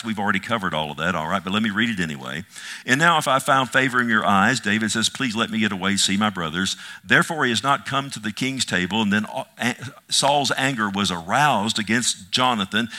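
Male Bible teacher, bright and forceful, quizzes his listeners between readings. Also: lowish voice. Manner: reads scripture slowly, then asks the listeners pointed questions. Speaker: pastor teaching a Bible study.

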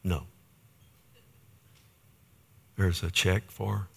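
A middle-aged male pastor telling a personal story in a sermon, animated, swinging from loud bursts to hushed near-whispers. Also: fairly low pitch, normal speed.

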